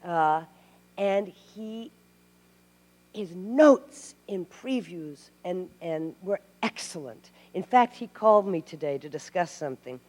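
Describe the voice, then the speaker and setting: A woman's voice: fairly low pitch, takes it slowly. Woman telling stories in a hall. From Tennessee. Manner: animated, laughing, with restarts. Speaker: actress guest. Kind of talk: live Q&A storytelling. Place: stage before a live audience. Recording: hall reverb.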